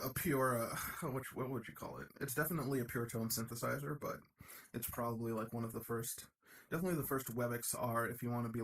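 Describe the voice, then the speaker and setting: A man talking casually while live-coding, excitable and enthusiastic, thinking aloud as he works in his home studio. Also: medium pitch. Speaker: developer live-coding a project. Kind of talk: casual live-stream commentary. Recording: loud steady hiss over the voice.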